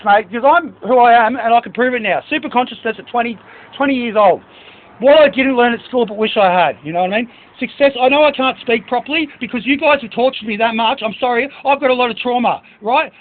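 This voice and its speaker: A man's voice: very high voice, fairly quick. A man in an agitated, rambling monologue, swearing and reading out a list of book titles to staff. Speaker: speaker addressing staff. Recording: tinny phone-like recording.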